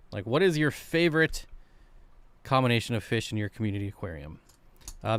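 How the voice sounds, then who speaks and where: A man hosting a casual live stream for an aquarium channel, chatting in a relaxed way and reading viewer comments aloud. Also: mid-range voice, clear, resonant tone, dry recording.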